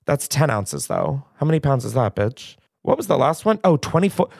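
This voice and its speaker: A man's voice: mid-range voice, sing-song, moderate pace, gravelly, darkish tone, no echo, clean studio sound. A young man hosting his own podcast, chatting casually in a rambling, self-deprecating way with lots of asides. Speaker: podcast host. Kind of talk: casual solo podcast chat.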